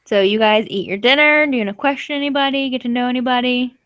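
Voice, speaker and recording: A woman's voice: sits high, steady tone, fast, fairly bright tone, no echo. A woman running a tabletop role-playing game as game master, narrating the scene in a chatty way and laughing often.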